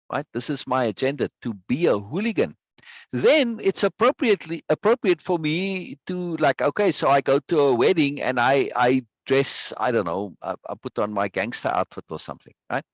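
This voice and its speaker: A man's voice: medium pitch, no room sound, muffled recording. A man teaching an online self-help course in a conversational way, talking over a video call and repeating key words for emphasis. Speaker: course instructor. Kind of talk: recorded online lesson. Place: indoors at a computer. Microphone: webcam over video call.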